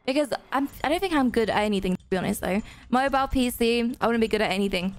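A young woman giving excitable, self-deprecating gameplay commentary as host of a gaming channel, gasping often. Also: fairly high pitch, quick pace.

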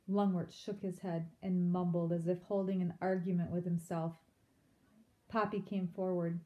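A woman reading a children's novel aloud, with expressive storytelling and asides to her listeners. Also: on the low side, moderate pace. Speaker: reader.

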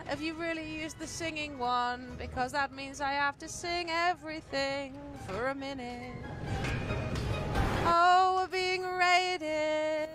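A woman's voice: high-pitched, fairly even intonation, takes it slowly. A Geordie woman streaming a game, chatting casually with her viewers, swearing freely and laughing often. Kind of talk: casual live-stream chat. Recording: game music behind voice.

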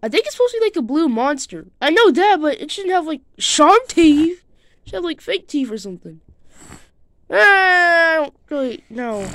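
A woman hosting her channel, narrating a playful toy adventure in an excitable manner and bickering back and forth with herself. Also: high-pitched. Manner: excitable, bickering with itself, quick changes of voice. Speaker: channel host.

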